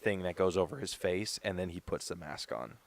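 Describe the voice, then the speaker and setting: A man's voice: low voice, fairly quick, creaky, no echo. A young man co-hosting a podcast, chatting casually and rambling with lots of "like" fillers. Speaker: podcast co-host. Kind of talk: casual chat.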